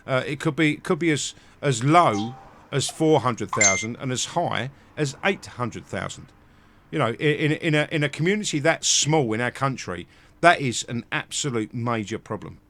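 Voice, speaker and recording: A man's voice: mid-range voice, lively intonation, moderate pace, a bit bright, slight background noise. Brief: male host, heated streamed rant, stumbling restarts, lots of swearing. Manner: rambling, swearing, frequent restarts. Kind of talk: heated live stream talk.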